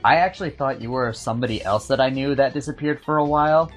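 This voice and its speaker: A man's voice: medium pitch, fast talker, soft background music. A man hosting a casual podcast chat, telling stories with many restarts and filler words. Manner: rambling storyteller with many restarts. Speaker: podcast host.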